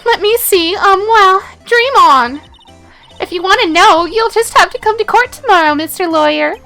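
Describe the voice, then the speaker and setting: A woman's voice: very high voice, lively intonation, pushed and bright, soft background music, pitched above the performer's own voice, heavily acted. Woman playing a giggly flirty witness. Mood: teasing. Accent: slight put-on Southern. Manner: teasing, drawn-out giggly flirting.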